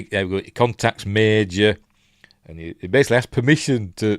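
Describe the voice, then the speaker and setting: Low-voiced Yorkshire man rambling through a review. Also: normal speed, no room sound, studio quality. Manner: rambling, chatty, thinks aloud. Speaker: film reviewer host. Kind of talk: casual live film breakdown, reading chat.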